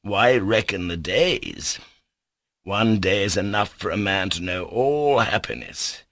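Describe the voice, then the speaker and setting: A man voicing a gentle, tender young man who is dying, speaking in soft, caressing words. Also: lowish voice, animated, slow, dry recording, clean studio sound, full character voice. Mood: tender, joyful.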